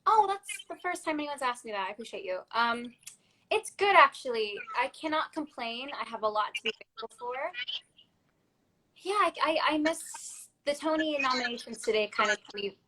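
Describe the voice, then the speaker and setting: A laid-back woman chats candidly as a guest on a phone live stream, scattering casual fillers. Her voice sits a little high and sounds bright and crisp. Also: lively intonation, moderate pace, rough recording. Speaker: guest actress. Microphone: phone on a video live stream.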